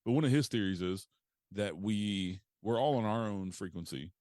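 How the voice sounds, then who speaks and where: Very deep male guest, dry close sound, steady explanatory talker. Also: normal speed, no echo. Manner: explanatory, steady, frequent fillers. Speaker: paranormal investigator guest. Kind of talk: casual interview conversation.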